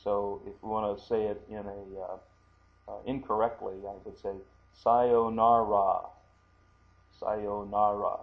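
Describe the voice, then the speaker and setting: A man teaching a language lesson, talking slowly and haltingly with many fillers and repeating words for pronunciation. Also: on the low side, little pitch movement, gravelly, phone-quality sound. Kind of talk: screen-recorded language lesson.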